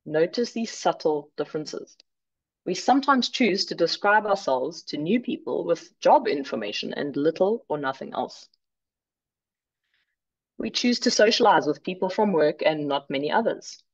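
A woman from South Africa presenting an online workshop, clear and measured with light humor. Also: on the low side, expressive, highs cut off.

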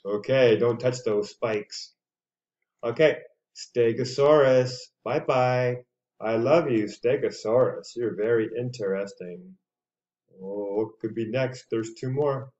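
A man gives a children's English lesson, stretching every word out very slowly so young learners can repeat it. His voice is mellow and dark, caught on a dull, lo-fi recording. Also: medium pitch. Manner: slow, drawn-out words for repeating; playful, voices the dinosaurs speaking. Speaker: English teacher.

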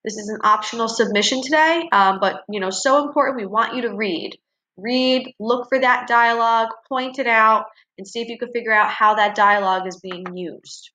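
A woman's voice: a little high, normal speed, sharp tone. A woman teacher walking students through their assignments in a recorded online class, explaining step by step and checking in with frequent "okay" and "right.".

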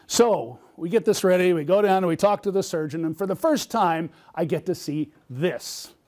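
A middle-aged man speaks from a conference stage in a keynote, his voice sitting noticeably high for a man. He tells a personal story and turns often to the audience with questions. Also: normal speed, darkish tone. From United States.

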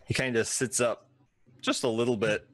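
A man narrating a tabletop game as game master, unhurried and filling pauses with ums and uhs. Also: mid-range voice, steady tone.

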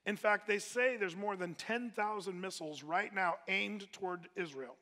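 A man's voice: sits high, moderate pace, sharp tone. A man preaching a sermon in a casual, conversational way, with plenty of fillers and restarts. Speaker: pastor. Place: church hall. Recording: echoey hall with long reverb.

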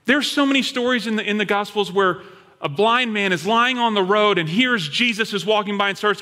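A male pastor preaching a sermon in an animated storytelling manner. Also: sits high, fairly quick. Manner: animated storytelling, acting out quoted voices. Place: church hall. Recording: long hall reverb.

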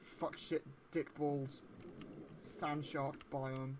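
A man giving gameplay commentary, excitable and swearing a lot, with sudden yelps when something scares him. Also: on the high side, moderate pace, background noise. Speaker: let's play gamer.

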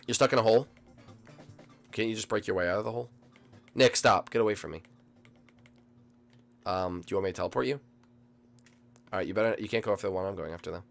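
Gravelly teenage gamer, excitable. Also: male voice, lowish voice, fast, long pauses, faint music behind. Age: late teens. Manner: excitable, swings from mumbling to yelling; addresses viewers as folks. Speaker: gaming video host. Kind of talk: live gameplay commentary.

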